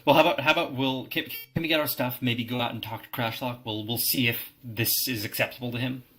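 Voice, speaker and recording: A man's voice: medium pitch, steady tone, fast, bright, forceful tone, faint music behind, low-quality recording. A man playing a tabletop game who stammers and restarts often. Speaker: player. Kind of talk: in-character tabletop game play.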